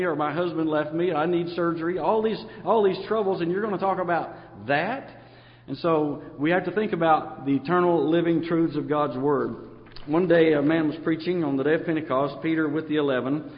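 Man preaching, slightly high voice, long hall reverb, dull lo-fi sound. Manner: conversational preaching, acts out quoted voices. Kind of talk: sermon.

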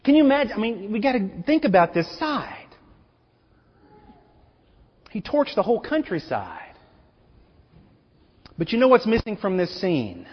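Male preacher, animated storytelling, high lively voice, dull lo-fi sound, long hall reverb. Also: unhurried, long pauses, breathy edge. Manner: animated storytelling, slangy paraphrase of scripture. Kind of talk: sermon.

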